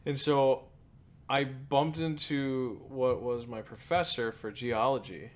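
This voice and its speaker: A man's voice: medium pitch, fairly even intonation, takes it slowly. A young man co-hosting a podcast, chatting in an easygoing way about his college days and laughing along. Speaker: podcast co-host. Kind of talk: casual chat.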